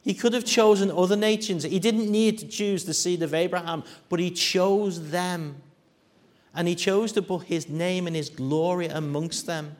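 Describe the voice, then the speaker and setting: Preacher with sweeping dramatic delivery. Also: male voice, high-pitched, moderate pace. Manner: dramatic shifts from hushed to loud, acting out quoted voices. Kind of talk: sermon.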